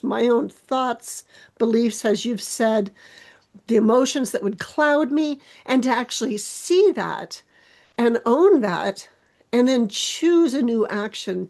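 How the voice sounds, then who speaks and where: A woman hosting a podcast interview, speaking in a thoughtful, measured way. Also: on the high side, a little mellow. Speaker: podcast host.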